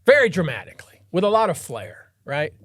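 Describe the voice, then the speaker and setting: A man hosting a podcast, a trial lawyer telling a story in an animated, dramatic way and acting out the scenes. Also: on the high side, a little fast, no room sound, clean studio sound. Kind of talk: casual storytelling chat.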